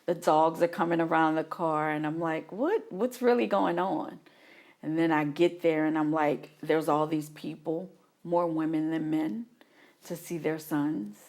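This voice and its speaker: A woman's voice: low-pitched, flat delivery, a little slow, a little mellow. A middle-aged woman from New Orleans, a guest telling an emotional story about visiting her son in prison and acting out her own past reactions. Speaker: guest, mother of an incarcerated son.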